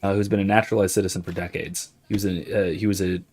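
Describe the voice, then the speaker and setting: A man's voice: low-pitched, flat delivery, fast, darkish tone. A man hosting a gaming stream, rambling chattily and answering chat questions as he plays. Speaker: host. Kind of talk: casual commentary while playing a video game.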